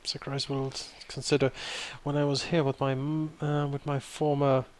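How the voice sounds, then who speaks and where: Tabletop player, hesitant, mid-pitched, plain delivery. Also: male voice, little pitch movement, moderate pace, a little mellow. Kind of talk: tabletop game play.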